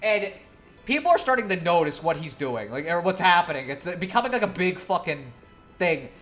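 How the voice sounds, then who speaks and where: A woman's voice: lowish voice, big pitch swings, brisk, fairly bright tone, soft background music. A woman streamer telling a long story in a casual, profane, laughing way.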